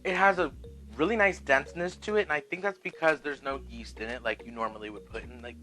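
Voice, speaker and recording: Sassy, profane man with a bright voice. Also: mid-range voice, quick pace, faint music behind, low-quality recording. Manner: sassy, profane, talks to viewers as "girl" and "honey". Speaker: cooking vlogger. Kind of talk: casual cooking vlog. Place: home kitchen.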